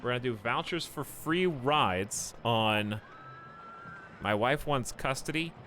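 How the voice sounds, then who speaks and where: Lively, bright-voiced man streaming a game. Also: mid-range voice, slow pace, slight background noise. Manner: animated, chatty, chuckles often. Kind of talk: casual live-stream commentary.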